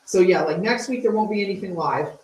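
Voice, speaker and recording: A woman co-hosting a painting livestream, talking casually and relaxedly, reading viewer comments and often pausing with ums. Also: mid-range voice, a little mellow. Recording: echoey room with faint noise.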